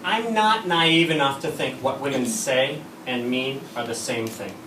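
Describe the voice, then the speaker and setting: A man's voice: mid-range voice, measured pace. Bawdy stand-up comic man, echoey room. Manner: bawdy, storytelling with acted-out quotes. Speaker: stand-up comedian. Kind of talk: stand-up comedy set. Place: comedy club stage. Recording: echoey room, from far off, noisy.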